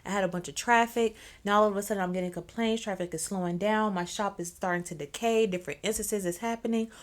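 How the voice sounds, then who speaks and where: A woman's voice: medium pitch, fairly even intonation, fast, natural voice. A young woman voicing a bubbly young female shop owner who sounds puzzled and worn out, firing off casual, confused questions. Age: young adult. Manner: baffled questions, casual slang.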